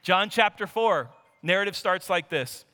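A man preaching a sermon in a church sanctuary, his voice high and bright. He acts out the characters' lines with lively energy, and a long reverb trails behind every word. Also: unhurried. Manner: animated preaching, acting out Bible characters' lines. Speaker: pastor.

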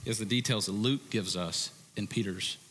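A male pastor preaching an animated sermon, acting out quoted voices and swinging between loud and hushed passages. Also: fairly low pitch, normal speed, husky, in a large hall.

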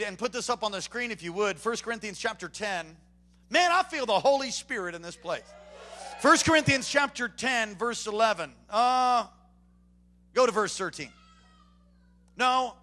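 A man preaches to a church congregation with a high, bright voice. He swings between hushed, low asides and loud, animated bursts. His delivery is lively and conversational. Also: moderate pace. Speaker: pastor. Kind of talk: sermon.

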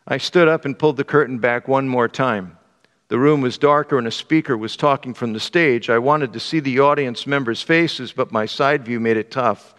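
A man preaching a sermon and reading an excerpt aloud, with a measured, deliberate delivery. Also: medium pitch, a bit bright, big-room sound. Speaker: pastor.

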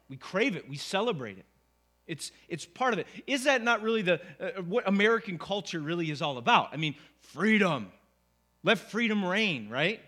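A man's voice: fairly high pitch, bright, forceful tone. A man preaching a sermon to his congregation, talking casually and checking in with them with frequent questions. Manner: conversational, asks the congregation "right?". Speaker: pastor.

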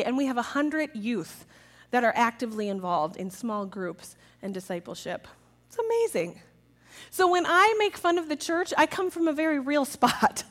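High-voiced woman giving a lively church talk. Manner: lively, jokey, acts out quotes in raised voice. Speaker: children's ministry speaker. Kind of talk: conference talk to a church audience.

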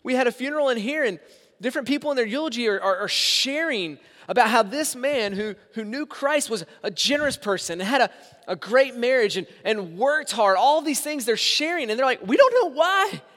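A man's voice: very high voice, lively intonation, brisk, fairly bright tone. A man preaching a sermon as pastor in a church sanctuary, with emphatic swings in volume. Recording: reverberant hall sound.

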